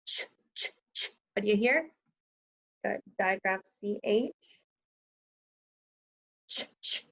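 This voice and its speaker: A woman teaching a recorded second grade phonics lesson, enunciating sounds slowly and clearly, praising and prompting her pupils. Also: mid-range voice, dull audio. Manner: slow, clearly enunciated, encouraging teacher talk.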